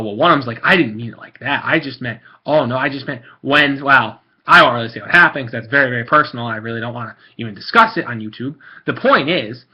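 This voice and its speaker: A man's voice: fairly high pitch, slightly rough, dull audio. A man ranting angrily and bluntly to camera in a vlog, repeating himself and swearing. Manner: angry, blunt, repetitive, swearing. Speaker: card-collecting vlogger.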